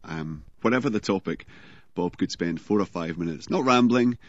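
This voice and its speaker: Deep-voiced man, admiring. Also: expressive, moderate pace, no echo, lo-fi sound. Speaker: interviewee recalling a colleague. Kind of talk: reminiscing interview.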